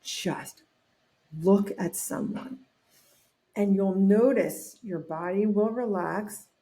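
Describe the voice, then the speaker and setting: A woman talks as a guest on a podcast, her voice mellow and warm. She tells a personal story with animation, drops into the voices of the people in it, and restarts phrases as she thinks. Her pitch sits in the middle range. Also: takes it slowly. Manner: animated storyteller acting out quotes, frequent restarts.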